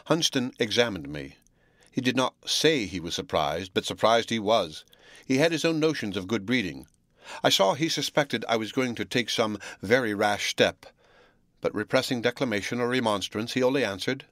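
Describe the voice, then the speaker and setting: A man narrates a classic novel in a measured storytelling manner. His voice sits on the low side. The recording is close and dry, with no room sound. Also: fairly bright tone, dry recording. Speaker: audiobook narrator. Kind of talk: scripted narration.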